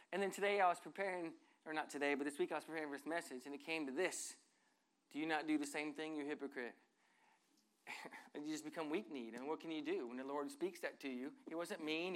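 Man, high voice, pastor preaching a sermon, earnest, reads scripture, loud then soft.

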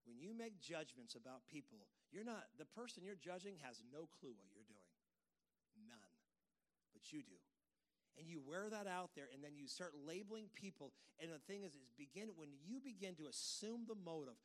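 A man's voice: on the high side, very animated, moderate pace. A middle-aged man preaching a conversational sermon as a pastor, emphatic, with folksy asides.

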